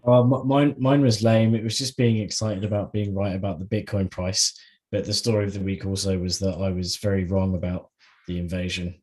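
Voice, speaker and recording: A man's voice: low-pitched, little pitch movement, brisk, a little mellow. A man in casual panel chat, rambling and stammering in a self-mocking way. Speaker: panel regular.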